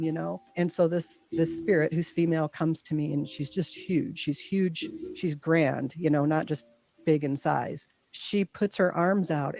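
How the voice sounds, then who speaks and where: A woman guest earnestly recounting a deeply personal experience, acting out her own thoughts in quotes. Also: creaky, mellow. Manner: earnest, heartfelt. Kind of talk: personal storytelling.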